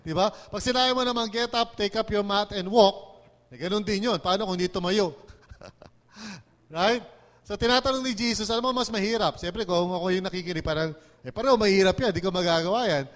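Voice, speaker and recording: A man with a Filipino accent preaches a sermon in a rather high voice. His words ring out with a long hall reverb. He keeps checking in with his listeners, asking for an amen. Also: fast. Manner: mixes English and Tagalog, asks "di ba?" and "amen?" often. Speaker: pastor.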